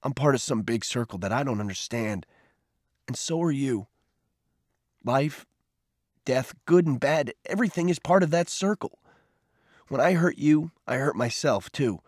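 A man's voice: mid-range voice, expressive, measured pace, pauses often, a little mellow, no echo, clean studio sound, voice pushed up. A man voicing a remorseful teenage boy who speaks earnestly and from the heart. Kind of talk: audiobook character voice.

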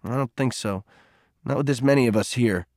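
Man reading as a quiet, remorseful teenage boy. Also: medium pitch, fairly quick, dry recording, studio quality, lightly acted. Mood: subdued.

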